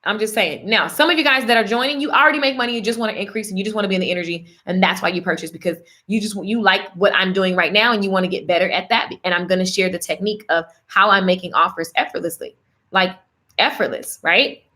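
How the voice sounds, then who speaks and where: A woman business coach talking straight to her viewers, chatty and animated. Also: medium pitch, fast talker. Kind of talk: livestream coaching pitch.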